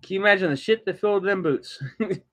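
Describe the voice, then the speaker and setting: A man chatting casually while reacting to something, breaking into frequent laughter. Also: quick pace. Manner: laughs often, giggly high laughter. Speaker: vlogger reacting. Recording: dull lo-fi sound.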